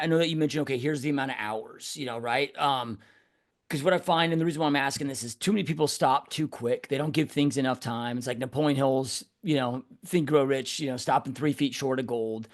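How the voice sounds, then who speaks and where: A man hosting a podcast conversation over an online call, talking casually and saying "dude" and "you know" a lot. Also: medium pitch. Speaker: podcast host. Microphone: online call mic.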